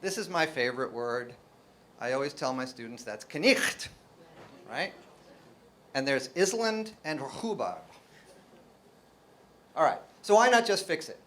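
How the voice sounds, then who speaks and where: An American man from New Jersey lecturing as a linguistics professor, with a voice pitched a little above most men's. He keeps the audience engaged with jokes and rhetorical questions and sounds out example words one by one. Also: a little slow, long pauses. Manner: lively, joking, full of rhetorical questions to the audience. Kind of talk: academic lecture to a live audience.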